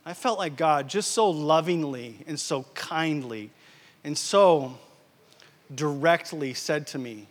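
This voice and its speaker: A man giving a sermon as a guest preacher, telling a story in an animated way that swings between loud and hushed. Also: fairly high pitch, slow pace. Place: church. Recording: church hall reverb.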